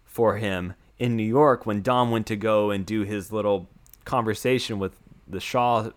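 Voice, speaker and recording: This young man from the United States speaks at a fairly low pitch with a steady tone and a measured pace. He's hosting a laid-back conversation, wandering through a movie recap full of "like" fillers and restarts.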